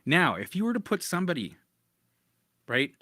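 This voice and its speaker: Animated man coaching through anxiety. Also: on the high side, moderate pace, no echo, studio quality. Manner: animated, acts out panicked voices, swears casually. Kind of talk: casual coaching monologue.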